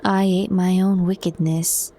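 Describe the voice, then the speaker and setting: A defiant young outsider, intense yet hushed, as a woman reads him. His lines come slow and mellow in a whispered role-play. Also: sits high, level tone. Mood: grim.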